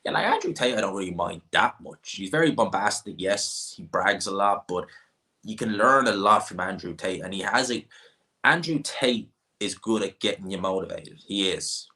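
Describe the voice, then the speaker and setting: A man's voice: low voice, expressive, normal speed, pushed and bright. An Irish man hosting a casual livestream, answering viewer comments with rambling, opinionated talk. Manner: opinionated and rambling, frequent restarts. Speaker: livestream host.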